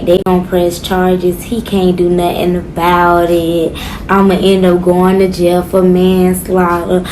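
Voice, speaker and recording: With a fairly low voice and a slight hiss or hum in the background, a woman tells a dramatic personal story in casual slang. She's animated throughout and acts out what other people said.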